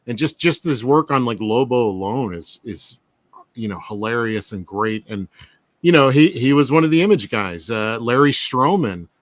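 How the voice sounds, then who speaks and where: A man's voice: mid-range voice, expressive, normal speed, dry recording. Eager man chatting, dry close sound. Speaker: guest. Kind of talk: casual chat.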